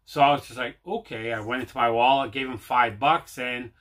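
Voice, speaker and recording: A man's voice: mid-range voice, fairly even intonation, a little fast, a bit bright. A man hosting his own home video, telling a long casual story with lots of fillers and repeats. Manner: rambling, repeats himself, many fillers. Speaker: host.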